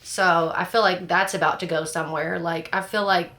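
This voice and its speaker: A woman with a fairly low voice talks through a book in casual discussion. Her tone has a gravelly, fry-laden edge, and she rambles frankly, full of fillers and restarts. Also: fairly even intonation, moderate pace, bright, forceful tone. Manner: frank and chatty, laughs at the story. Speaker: book club host.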